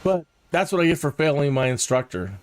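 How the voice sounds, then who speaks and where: A man's voice: a little high, sing-song, brisk. A man narrating his own flight simulator session in a mannered, storytelling, self-mocking way, speaking into a close desk mic. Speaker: flight sim video host. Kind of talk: casual gameplay narration.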